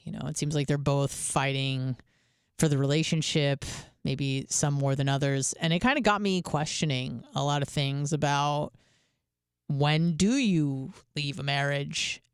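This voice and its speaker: A woman hosting a radio show tells a candid, rambling story, chatty and loaded with fillers, swearing freely. Her voice is deep and smooth, captured in a dry, clean studio recording.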